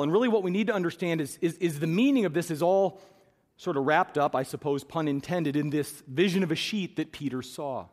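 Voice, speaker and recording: Male preacher, high voice, emphatic sermon delivery with rhetorical questions, long church-hall reverb.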